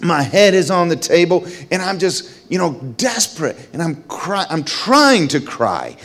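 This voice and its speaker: A middle-aged man sharing a personal testimony. He tells the story with lots of energy, his voice jumping high when excited and falling low and quiet in the solemn parts. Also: unhurried, vocal fry, hardly any pauses.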